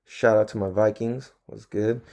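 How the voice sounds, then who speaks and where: A man's voice: lowish voice, steady tone, normal speed, vocal fry, mellow. Laid-back, profane male podcast host. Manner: laid-back, slangy and profane, laughs often. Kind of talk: casual solo podcast chat.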